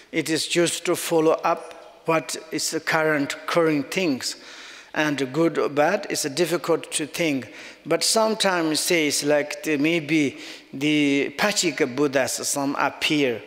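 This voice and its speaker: Slow halting man with hall reverb. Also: fairly high pitch, a bit bright. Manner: slow, halting, searching for words. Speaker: Buddhist teacher. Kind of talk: dharma teaching in non-native English.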